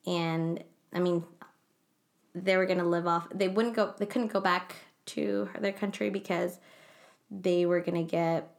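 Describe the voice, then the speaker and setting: A woman's voice: fairly low pitch, steady tone, measured pace, gravelly. A young woman telling a personal story in a casual chat, rambling with lots of fillers and self-corrections.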